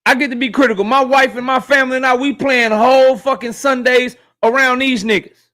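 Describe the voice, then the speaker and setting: A man hosting a boxing livestream, ranting in a profane, animated, casual way straight to his chat. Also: very high-pitched, a little fast. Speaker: boxing YouTube host.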